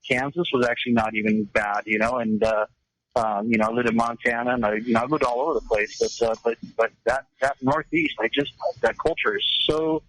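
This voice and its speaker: Fast, bright-voiced chatty man. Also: mid-range voice, fairly even intonation, no room sound, rough recording. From California. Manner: chatty, lots of restarts and laughs. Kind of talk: casual radio talk show chat.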